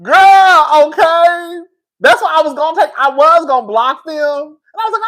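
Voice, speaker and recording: A woman talking casually to her viewers on a live stream, reading their comments and getting loud and excited when she is worked up. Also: moderate pace. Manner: animated, swings high and loud when worked up.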